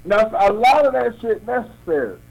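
Man w a pretty high voice, blunt streetwise chat, keeps restarting. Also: sing-song, moderate pace, gravelly, crowd noise, low-quality recording. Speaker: guest from another show. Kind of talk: casual talk show chat.

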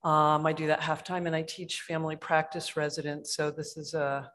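A woman family physician speaks on a conference panel in a friendly, easygoing way. Her voice is very low for a woman. She talks into a microphone in a hall. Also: flat delivery, normal speed, a bit bright. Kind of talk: panel discussion.

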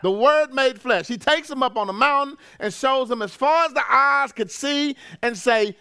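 A middle-aged man preaching a sermon as pastor, casual and conversational, sometimes rising to shouts. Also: very high-pitched, moderate pace, creaky, hardly any pauses, smooth.

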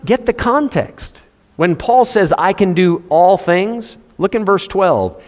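A preacher, his voice sitting a little high, talks through scripture with an easy, conversational delivery. He slips into King James wording whenever he quotes a verse. His voice rings out with the long reverb of a large hall. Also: takes it slowly, darkish tone. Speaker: pastor. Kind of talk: sermon.

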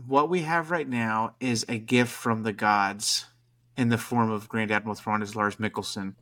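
A man in his thirties hosting a fan podcast, chatting excitedly and casually. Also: fairly low pitch, moderate pace. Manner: excitable, says freaking a lot. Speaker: podcast host.

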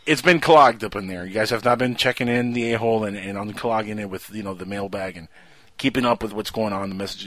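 Fast-talking joking radio host man. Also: lowish voice, fairly bright tone, no echo. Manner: joking, loose and chatty. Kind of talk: casual radio chat.

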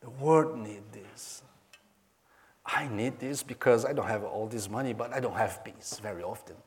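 A Brazilian pastor with a fairly low-pitched voice shares a story earnestly in his sermon. His English carries a Portuguese accent, and his phrasing is halting and non-native.

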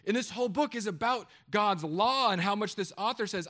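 A middle-aged man preaching a sermon, joking with the congregation in an animated way. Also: sits high, brisk. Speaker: pastor.

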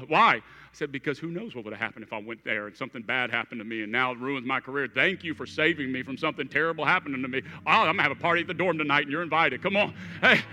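A man in his thirties preaching a sermon, telling a personal story with acted-out dialogue and swinging between hushed and emphatic delivery. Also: mid-range voice. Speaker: pastor. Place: church auditorium. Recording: long reverb of a large hall.

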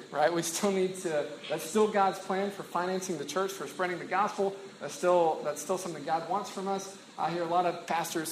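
A man's voice: on the high side, slight background noise. Conversational male preacher in an echoey room. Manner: casual, conversational preaching with many fillers and restarts. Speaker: campus ministry pastor. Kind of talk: sermon.

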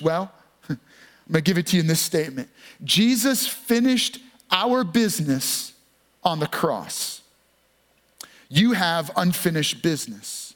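High-voiced man preaching a sermon. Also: fairly bright tone. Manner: earnest, emphatic preaching with slow stressed phrases. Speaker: pastor.

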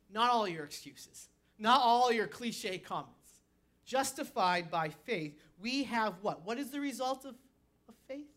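A woman pastor preaching a sermon, telling stories with animated energy and rising to shouts. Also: on the high side.

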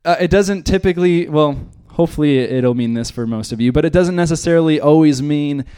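A man's voice: medium pitch, brisk, few pauses, dark tone, clean tone. A man from the United States teaching a Bible study in a conversational way, with joking asides. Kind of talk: church teaching.

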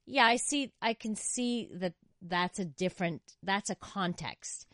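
A woman's voice: medium pitch, a little slow, fairly bright tone, dry recording, clean studio sound. A middle-aged woman hosting a casual panel chat, frank and laughing often as she reads listener texts. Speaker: host.

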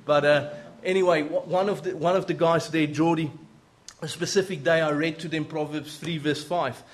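Casting note: man preacher, earnest animated storyteller, slightly higher voice. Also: moderate pace. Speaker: preacher telling a testimony. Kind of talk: sermon storytelling.

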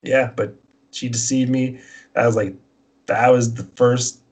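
A man's voice: mid-range voice, steady tone, a little slow, darkish tone, husky. A man casually telling a long personal story, acting out both sides of the dialogue in a rambling way.

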